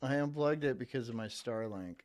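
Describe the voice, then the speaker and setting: A man's voice: mid-range voice, brisk, a little mellow. A man streaming live, reacting to clips with casual, profane commentary and frequent laughter. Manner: profane, laughs often, talks to his partner off mic.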